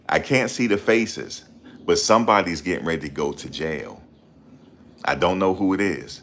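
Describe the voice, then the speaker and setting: A man hosting a casual livestream, reading viewer comments and ranting heatedly with loud outbursts and repeated phrases. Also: low voice, expressive, normal speed. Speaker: livestream host.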